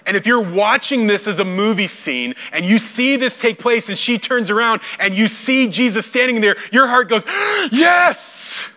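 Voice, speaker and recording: This preacher has a high voice and keeps a moderate pace with hardly any pauses. Telling a story from scripture, he gives each quoted voice its own performance, swinging widely between loud and soft.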